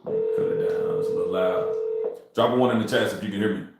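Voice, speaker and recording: A Texas real estate wholesaler livestreams his cold calls from a very echoey room at home, speaking briskly in a lowish voice over heavy background noise. He chats loosely with viewers, talking straight to the chat in slang.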